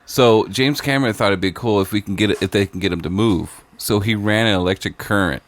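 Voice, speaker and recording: Easygoing lower-voiced podcast guy. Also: a little fast. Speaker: podcast co-host. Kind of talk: casual chat.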